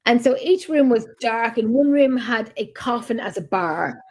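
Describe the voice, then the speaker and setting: A woman's voice: fairly high pitch, animated, moderate pace, a little mellow. A woman co-hosting a casual online chat, telling stories in a rambling, exclamatory way over a video call. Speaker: co-host. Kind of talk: casual chat on a live stream.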